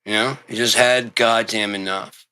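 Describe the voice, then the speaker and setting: A man delivering a rambling, profane monologue, swearing constantly and breaking into loud outbursts. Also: lowish voice, steady tone, normal speed, clear, resonant tone. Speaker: show host.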